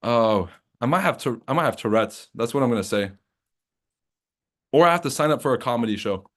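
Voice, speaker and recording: A man's voice: mid-range voice, lively intonation, fairly quick. A man hosting a live trading stream, ranting casually with heavy profanity, mocking, laughing at his own jokes, then going into market commentary. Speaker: trading livestream host.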